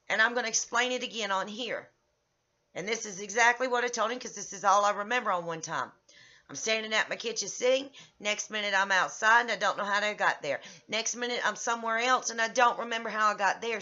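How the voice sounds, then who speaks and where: A middle-aged woman vlogging about a therapy session, agitated and venting, her voice rising in loud bursts. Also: mid-range voice. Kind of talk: personal vlog recounting. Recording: slightly dull lo-fi audio.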